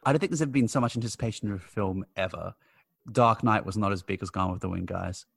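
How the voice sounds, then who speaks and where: Aussie guy chatting about old movies, quick excited asides, dry sound. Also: fairly low pitch, creaky, breathy edge, dry recording. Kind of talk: casual film chat.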